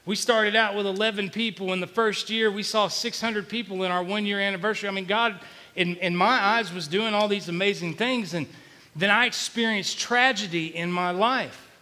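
A male pastor, preaching an emotional, confessional sermon that swings between quiet and loud. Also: high voice, moderate pace, big-room sound. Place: church sanctuary.

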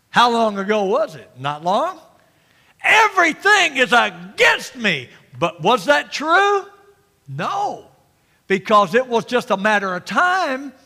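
A middle-aged man preaching an emphatic sermon as pastor, swinging between loud and quiet. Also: high voice. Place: church sanctuary. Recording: long reverb of a church hall.

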